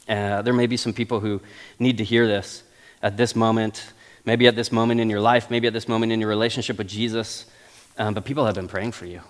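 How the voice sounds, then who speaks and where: A man in his thirties from Canada, preaching a sermon as pastor in a casual, animated way with frequent restarts. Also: fairly low pitch, brisk, in a large hall. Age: 30s. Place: church sanctuary.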